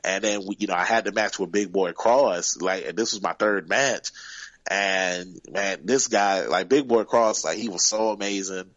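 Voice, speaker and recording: A man's voice: sits low, normal speed, a bit bright, no room sound, dull audio. A man, a guest wrestler, telling stories casually in an interview, rambling with many fillers.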